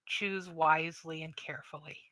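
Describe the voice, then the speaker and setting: A woman voicing a solemn, gentle female unicorn in a tabletop game, speaking slowly and gravely. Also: low voice, fairly even intonation, dry recording. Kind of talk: tabletop game role-play.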